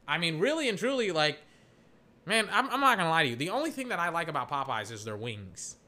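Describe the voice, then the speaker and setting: Young guy from texas rambling on with lots of "like", kinda high voice, jumps into hyped game calls. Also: fast talker. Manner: rambling, heavy on filler words, bursts into excited play-by-play. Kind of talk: casual rambling chat while calling a football game.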